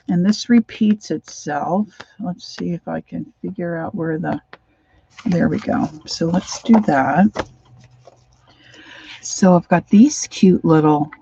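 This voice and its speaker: A woman casually chatting through a craft livestream from her home craft room, rambling and sometimes dropping into soft whispered asides. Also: fairly low pitch, slightly rough, lo-fi sound.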